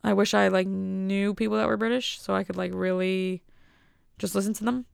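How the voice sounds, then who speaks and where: Gravelly young American woman rambling casually. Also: medium pitch, fairly even intonation, normal speed, no echo, studio quality. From United States. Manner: rambling, enthusiastic, wry. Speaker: vlogger. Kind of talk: casual monologue.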